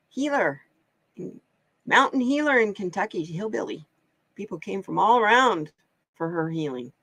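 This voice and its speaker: A chatty woman from Oregon hosts a live card-reading stream, tossing out exclamations and laughing easily. Her voice sits at a middling pitch. It is recorded close and dry, with little room sound. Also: a bit bright, no echo. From Oregon, USA. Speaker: host and card reader. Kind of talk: casual live-stream chat.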